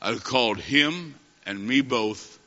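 A man's voice: medium pitch, lively intonation, slow pace, bright, forceful tone. A man preaching a revival sermon, telling a story and then calling on his congregation with emphatic, repeating phrases. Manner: emphatic, repetitive, calls to congregation. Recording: dull audio with long hall reverb.

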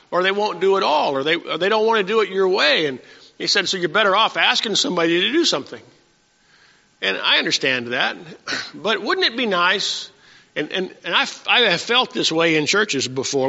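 A man preaching a sermon as the pastor of his church, animated and emphatic, often restarting his phrases. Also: high voice, vocal fry. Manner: animated, rising to emphatic peaks, with frequent restarts. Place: church sanctuary. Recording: dull sound with hall reverb.

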